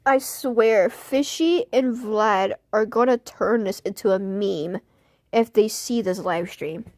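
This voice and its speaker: A woman's voice: mid-range voice, slow, a little mellow, no room sound, clean studio sound. A young woman chatting on a livestream, laughing constantly in a giggly, silly way. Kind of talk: casual livestream chat.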